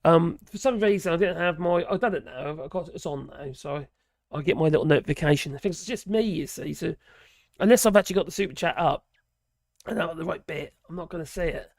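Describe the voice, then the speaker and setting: A man with a hoarse voice, rambling and chuckling as he hosts a live stream and reads out viewer chat. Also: on the high side, fast talker, a little mellow, dry recording, studio quality. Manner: rambling, chuckling, trailing off mid-sentence. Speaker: livestream host reading viewer chat.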